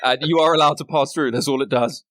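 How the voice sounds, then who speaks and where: A man's voice: medium pitch, fast, fairly bright tone, no echo. A man narrating as game master of a tabletop role-play, laughing often and swearing casually.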